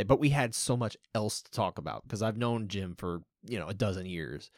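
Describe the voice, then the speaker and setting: A man's voice: medium pitch, expressive, normal speed, few pauses, no room sound, clean studio sound. A man co-hosting a podcast, telling anecdotes in a chatty, casual way. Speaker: podcast co-host.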